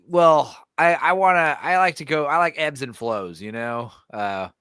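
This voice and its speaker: A man's voice: a little high, measured pace, a bit bright, clear, resonant tone, dry recording, clean studio sound. A man hosting a casual podcast chat, rambling, laughing often and swearing casually, his throat a little sore. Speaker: podcast host.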